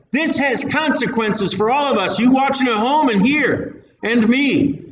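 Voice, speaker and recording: A man gives a folksy, plain-spoken sermon, leaning hard on his points. His voice sits high for a man. He is recorded from a distance in a roomy hall, and the sound is dull and slightly noisy. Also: animated, measured pace. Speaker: preacher. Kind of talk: casual Bible-teaching sermon. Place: church hall with a live audience. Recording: echoey room, mic at a distance, dull sound.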